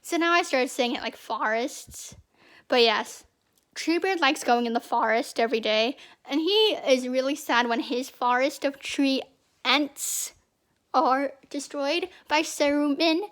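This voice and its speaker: A woman's voice: high voice, unhurried, a bit bright. A young woman giving casual, rambling fan commentary as a channel host, chatty and prone to repeating herself.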